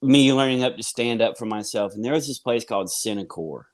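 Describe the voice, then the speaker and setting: A man with a Southern US accent casually tells his recovery story as a guest, his mid-range voice moving a little fast. He rambles, packing in fillers and saying "man" and "y'all" a lot.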